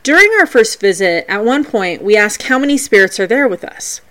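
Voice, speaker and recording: Speaking at a moderate pace in a medium pitch, this podcast host tells stories from her paranormal investigations, following a script but keeping things playful and animated.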